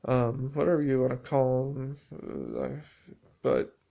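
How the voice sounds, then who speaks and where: A man speaking a reflective, halting personal video journal monologue, with restarts and dry sarcasm. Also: medium pitch, level tone, creaky, warm tone, dull audio.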